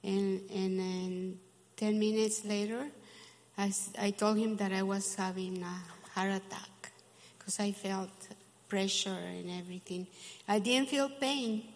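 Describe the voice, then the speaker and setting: An older woman recalling events in a hesitant, halting way, with many fillers. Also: medium pitch, fairly even intonation, big-room sound. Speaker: guest. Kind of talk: casual recollection.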